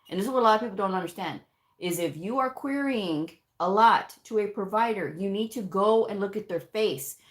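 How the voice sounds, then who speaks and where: A middle-aged woman, a medical coder, chatting casually on a live stream and answering viewer questions in an emphatic, talkative way. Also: fairly low pitch. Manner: chatty and emphatic, with frequent "you know"s and laughs.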